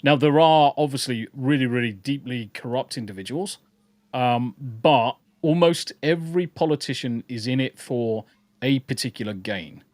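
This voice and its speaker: A man's voice: mid-range voice, normal speed, a little mellow, no room sound. Sweary blunt man ranting. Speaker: podcast host. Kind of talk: casual podcast chat reading live chat.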